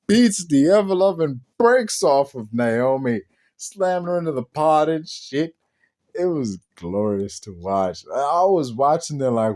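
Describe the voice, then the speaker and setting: A man hosting a casual spoken wrestling review, animated and rambling, swearing casually as he talks. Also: a little high, a little slow.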